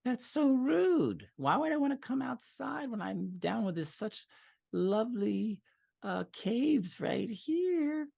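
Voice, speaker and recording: A man's voice: very high voice, expressive, slow pace, creaky, a little mellow, voice pushed up, full character voice. A man voicing a scheming female goblin envoy who talks down to others with mock politeness, in a tabletop role-play game. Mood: smug.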